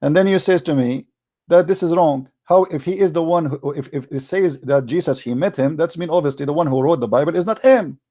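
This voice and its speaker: A man's voice: on the high side, a little fast, dark tone. A man hosting a heated call-in debate, arguing hard and repeating his questions over and over. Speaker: debate host.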